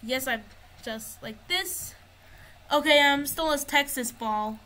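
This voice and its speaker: A woman's voice: high-pitched, slow pace, sharp tone, poor audio. A woman giving casual gameplay commentary, narrating what she finds as she explores. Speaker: gamer.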